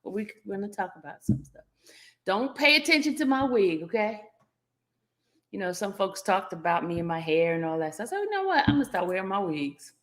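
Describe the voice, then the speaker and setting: A woman's voice: mid-range voice, very animated, fairly quick. Playful woman greeting her livestream viewers. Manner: laughs often while teasing the audience. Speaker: livestream host. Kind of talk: casual livestream chat.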